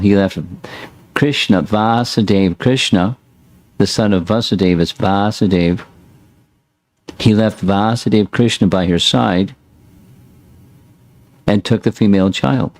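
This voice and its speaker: A man's voice: lowish voice, no room sound. A man teaching a scripture class, reading a passage aloud and breaking in with short plain asides. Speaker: spiritual teacher.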